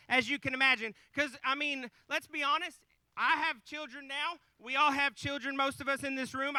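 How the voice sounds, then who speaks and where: A man's voice: extremely high pitch, pushed and bright, dry recording, poor audio. A man in his thirties telling a folksy, joking nativity story to a live audience, with asides to the crowd. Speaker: storyteller on stage. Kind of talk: comic live retelling of the nativity.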